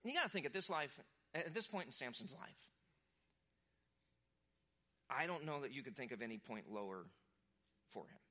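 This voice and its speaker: A man's voice: mid-range voice, moderate pace, pauses often. A young adult man preaching a sermon, talking casually and acting out quoted voices as he tells the story. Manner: animated, acts out quoted voices. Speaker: pastor.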